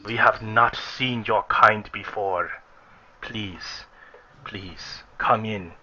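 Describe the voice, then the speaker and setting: A man voicing a calm, solemn young village priest with a put-on Romanian accent, speaking slowly. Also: lowish voice, slight background noise, exaggerated voice. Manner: slow, deliberate commands. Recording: lo-fi recording.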